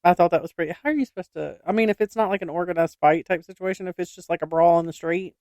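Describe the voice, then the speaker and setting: A giggly co-host reads bizarre state laws and spins stories on a casual podcast, addressing her audience as "y'all." She talks quickly in a lowish, darkish voice, and the dry recording has studio quality.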